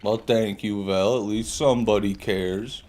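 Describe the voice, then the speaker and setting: A man's voice: on the low side, steady tone, unhurried, darkish tone, soft background music. A young man streaming a game, ranting sarcastically and swearing as he answers chat. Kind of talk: casual live-stream commentary.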